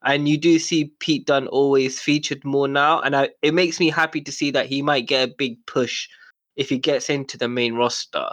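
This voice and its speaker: Man, co-host, medium pitch, casual talk, emphatic repeats. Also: fairly even intonation, moderate pace, a bit bright. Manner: gives opinions, repeats phrases for emphasis. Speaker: podcast co-host. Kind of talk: casual chat.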